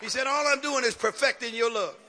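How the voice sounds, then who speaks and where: A man a sermon in a call-and-response style, building from talk to shouts. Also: very high-pitched, a little fast, a crowd in the background, background noise. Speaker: preacher.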